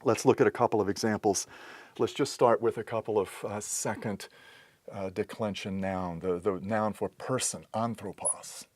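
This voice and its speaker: A man giving a patient recorded lesson on accenting Greek words, explaining step by step with pauses and restarts. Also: lowish voice, steady tone, darkish tone, no room sound. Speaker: teacher.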